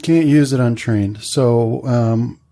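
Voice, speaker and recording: A man running a tabletop game as game master, describing scenes in a relaxed way with frequent fillers. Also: medium pitch, slow.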